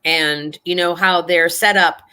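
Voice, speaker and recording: Bright-voiced woman telling ghost stories. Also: on the low side, fairly even intonation, a little slow, slight background noise. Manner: rambling, filler-heavy, earnest. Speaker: guest storyteller. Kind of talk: casual ghost-story telling.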